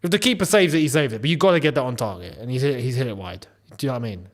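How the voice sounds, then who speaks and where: A young man in a mid-range voice races through his live match reaction commentary while hosting a football watchalong. Animated and exclamatory, he reacts to every play and lectures the players as if they could hear him.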